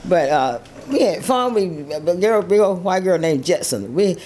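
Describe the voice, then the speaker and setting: A woman, an interview guest telling stories of her life, animated, acting out voices and laughing often. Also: lowish voice, measured pace, a little hiss or hum. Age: 70s. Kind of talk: storytelling chat.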